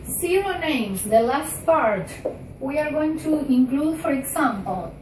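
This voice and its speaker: A woman teaching a grammar lesson at an unhurried pace, often pausing on fillers and checking in with "okay?". Her voice sits a little high, and she sounds set back from the mic. The room is echoey, with faint noise underneath. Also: lively intonation, a little mellow, distant mic.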